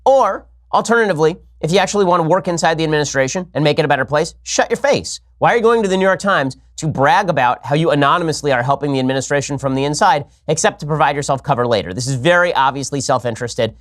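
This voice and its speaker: A man hosting a political commentary show, talking in a rapid, sarcastic, argumentative way. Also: fairly high pitch, a bit bright. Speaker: host.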